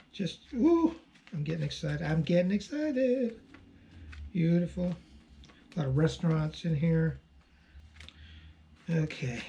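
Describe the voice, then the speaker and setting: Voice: mid-range voice, vocal fry, mellow, muffled recording, a little hiss or hum. An online postcard seller hosting a casual unboxing video, chatting and gushing over each card with frequent fillers.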